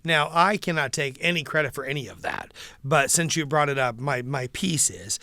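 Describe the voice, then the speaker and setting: A man's voice: medium pitch, pushed and bright, dry recording. A man talking earnestly and at length as an interview guest, the president of a preservation nonprofit. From not from the local city. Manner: earnest, enthusiastic, rambling with restarts. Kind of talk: casual interview chat.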